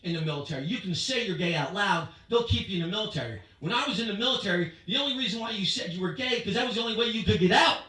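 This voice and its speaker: A man doing a stand-up comedy set in a club, punchy and animated, with crowd work. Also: high-pitched, racing, few pauses, heavy reverb, distant mic, low-quality recording. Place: comedy club stage before a live audience.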